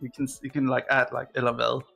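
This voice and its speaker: A woman from Denmark with a Danish accent, a guest on a chat stream explaining her language in a relaxed, amused way. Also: rumbling low, quick pace, gravelly. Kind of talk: casual chat. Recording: faint music behind.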